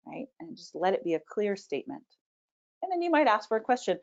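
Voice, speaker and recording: A woman who coaches public speaking, answering questions on a webinar with a confident, animated delivery and playing with her intonation. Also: medium pitch, moderate pace, creaky, pauses often. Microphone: video call. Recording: slightly dull video-call audio.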